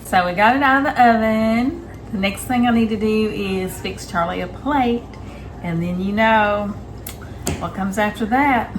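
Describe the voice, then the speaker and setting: A woman's voice: medium pitch, normal speed. Woman, home cooking vlog host, chatty, talks straight to viewers, enthusiastic, faint background hiss. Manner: chatty, addresses viewers directly, enthusiastic about food. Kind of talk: casual cooking vlog chat. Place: home kitchen.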